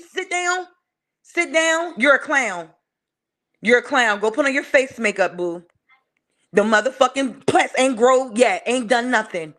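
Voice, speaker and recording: A fiery woman with a D.C. tears into someone on her live stream. Her voice sits a bit high and flies higher when she yells. The talk is profane and cutting, with sudden shouts. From Washington, D.C. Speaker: channel host ranting on a live stream. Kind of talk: heated live-stream rant.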